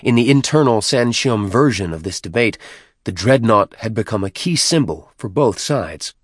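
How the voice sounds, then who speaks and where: A man narrates a novel aloud as an audiobook narrator, delivering the scripted text in a measured, even storytelling manner. His voice is lowish. The recording is clean studio sound with no room sound.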